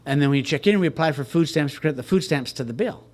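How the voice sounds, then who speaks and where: A man's voice: fairly high pitch, racing. An older man from Texas, telling his personal recovery story to a group in a wry, self-mocking way. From Texas, USA. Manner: wry, joking storyteller who laughs at himself. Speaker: recovery speaker at a retreat.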